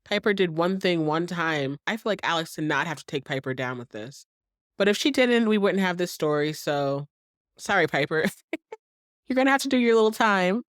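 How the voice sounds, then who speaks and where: A woman hosting a podcast, casually recapping a TV episode in an animated way and acting out the characters' lines. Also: lowish voice, normal speed, no echo, studio quality. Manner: animated, acts out characters' lines, laughs often. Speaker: podcast host.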